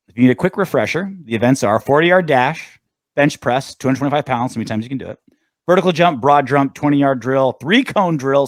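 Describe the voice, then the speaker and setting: A man's voice: medium pitch, no echo. A man hosting a sports podcast, chatting casually, riffing and joking with his co-host. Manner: animated, riffing and quoting shows with playful voices. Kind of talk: casual chat.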